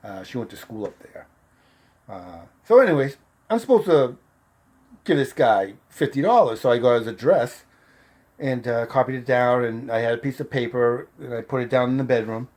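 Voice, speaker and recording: A man's voice: medium pitch, expressive, moderate pace, a little mellow. A middle-aged man from Massachusetts tells an old personal story in a loose, profane way. He laughs between lines and acts out what each person said. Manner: profane, laughs through the tale, acts out the voices. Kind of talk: casual storytelling.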